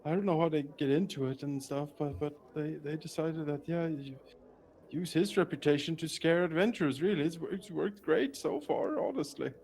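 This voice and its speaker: A man's voice: a little high, moderate pace, darkish tone, lightly acted. A man voicing a nervous young male failed actor turned bandit who stammers and babbles anxiously. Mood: rambling. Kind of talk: tabletop role-play voicing.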